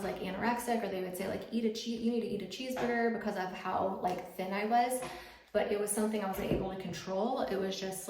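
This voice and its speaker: A woman's voice: mid-range voice, darkish tone. Chatty woman in a roomy home. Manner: chatty, lots of "like" fillers. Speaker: YouTuber. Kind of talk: casual get-ready-with-me chat. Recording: roomy echo, faint background noise.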